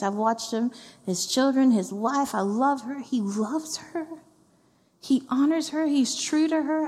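A woman's voice: high voice, darkish tone. A woman executive pastor giving a heartfelt, conversational sermon, repeating phrases for emphasis. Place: church sanctuary. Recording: reverberant church hall.

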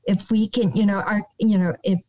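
An older American woman who directs a nonprofit is a guest on a podcast, offering calm advice slowly, gently and soothingly. She often restarts, says "you know" a lot, and sometimes drops to a soft whisper. Her voice is medium-pitched, and the audio is poor.

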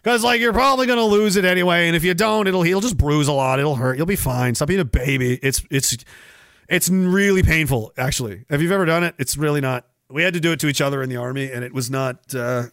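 A man rants on his livestream in a high, gravelly voice with a sharp, bright edge. He is sarcastic and profane, and he mocks people by acting out their voices. The sound is dry and close. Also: quick pace, no echo. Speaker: livestream host. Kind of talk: ranting stream chat, reading viewer comments.

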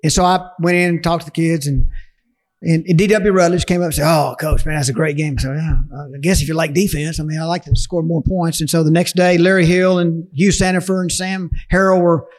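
A man who coaches high school football in Texas, telling lively stories over casual chat. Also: fairly quick. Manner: animated storyteller, acts out quotes.

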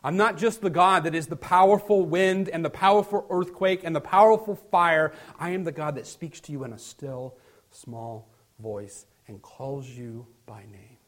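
A male preacher voicing God as a tender, hushed presence speaking slowly and gently. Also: high-pitched, pitched above the performer's own voice, natural voice. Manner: soft, slow, hushed and intimate.

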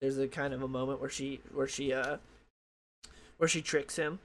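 A man's voice: medium pitch, little pitch movement, normal speed, a bit bright, slight background noise. A young man rambling loosely through a comic book review, full of fillers and restarts, talking into a desk microphone. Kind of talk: casual solo review talk.

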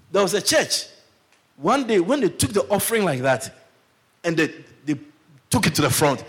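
Male pastor, animated sermon storyteller with a very lively voice. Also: high voice, moderate pace.

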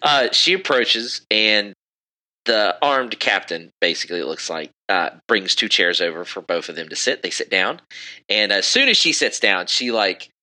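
Man, game master, tabletop game narration, bright tone, lively, lots of ums. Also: lowish voice, normal speed, poor audio. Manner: rambling descriptions with many fillers.

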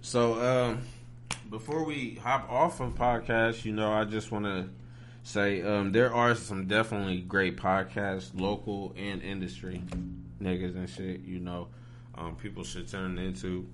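A man's voice: lowish voice, steady tone, a little slow, a bit bright, a little hiss or hum. A man from Ohio hosting a podcast, talking in a laid-back, slangy casual chat style, often asking "you feel me". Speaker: podcast host.

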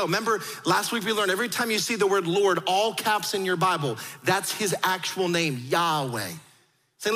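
High bright-voiced male pastor preaching. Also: moderate pace, long reverb tail. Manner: animated storytelling, acts out quoted voices. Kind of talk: sermon.

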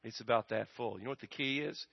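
Fast and gravelly, with a breathy edge, an American pastor's mid-range voice drives a sermon in which he asks the congregation questions and awaits their responses. His loudness climbs and drops throughout this call-and-response exchange, captured in a dull, lo-fi recording.

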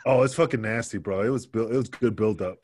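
A man's voice: fairly low pitch, fast talker, darkish tone, no room sound. A man telling crude, profane stories from his wrestling days in a casual video-call chat. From North America.

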